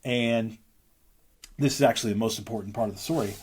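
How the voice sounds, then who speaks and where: Husky man telling his story, rambling. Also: fairly low pitch, fairly quick, a little mellow. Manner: rambling, earnest, many restarts and fillers. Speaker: interview guest, musician. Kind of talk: candid storytelling interview.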